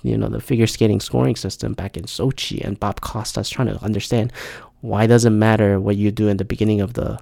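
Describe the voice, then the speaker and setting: Male podcast host, gravelly and mellow, exasperated profane rant, dry close sound. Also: on the low side, little pitch movement, brisk, no echo. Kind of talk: casual ranting monologue.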